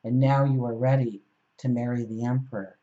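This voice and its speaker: A woman leads a tarot reading and tells a parable to her listeners. Her delivery is gentle and encouraging. Her voice is warm and mellow, and the recording sounds muffled and lo-fi. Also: a bass voice, fairly even intonation, normal speed. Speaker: tarot reader. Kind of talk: spoken tarot reading with storytelling.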